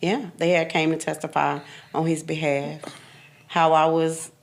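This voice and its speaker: Woman in her fifties, deep voice, gravelly fry, blunt candid storytelling, repeats for emphasis. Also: level tone, measured pace. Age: 50s. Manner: blunt, emphatic, repeats phrases, laughs through hard memories. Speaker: podcast guest, survivor sharing her story.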